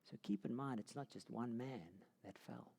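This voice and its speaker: Mellow-voiced teacher. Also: male voice, mid-range voice, moderate pace, creaky, breathy edge. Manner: dramatic storyteller, drops to a near whisper at key moments. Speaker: Bible teacher. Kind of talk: teaching a Bible course. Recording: long hall reverb.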